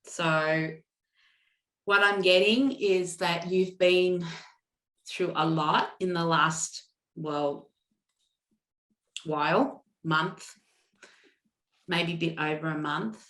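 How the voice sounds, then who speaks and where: A woman doing a live intuitive card reading, with a soft, halting way of talking, full of fillers and restarts, and moved to emotion. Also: lowish voice, fairly even intonation, reverberant. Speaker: intuitive reader.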